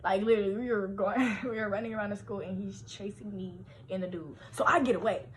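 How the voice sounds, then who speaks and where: A young woman telling a story from her teens on a casual livestream, animated, slangy and full of profanity. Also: mid-range voice, fairly quick, a little hiss or hum.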